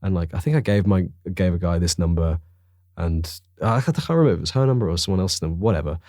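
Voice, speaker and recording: Excitable young man, sweary storyteller. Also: sits low, fast, no echo, clean studio sound. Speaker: podcast co-host. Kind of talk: casual chat.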